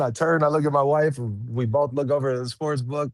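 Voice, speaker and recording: A man's voice: medium pitch, brisk, hardly any pauses, no room sound, studio quality. A young man who fights professionally, chatting casually in an interview, laid-back, swearing freely and laughing often. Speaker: MMA fighter, interview guest.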